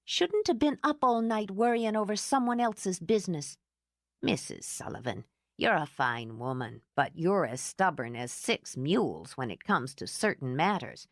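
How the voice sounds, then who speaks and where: A woman reading an audiobook, voicing a calm, clucking older cook who speaks slowly and soothingly. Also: on the low side, no room sound, clean studio sound. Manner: slow and soothing.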